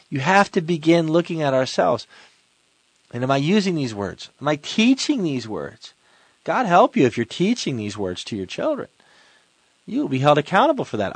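A man's voice: medium pitch, no echo. Earnest man preaching a sermon. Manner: earnest, exhorting, slows for emphasis. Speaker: Catholic preacher.

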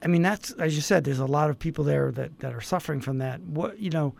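Gravelly-voiced male interviewer. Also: fairly high pitch. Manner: halting, reflective, many restarts and fillers. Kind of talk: interview conversation.

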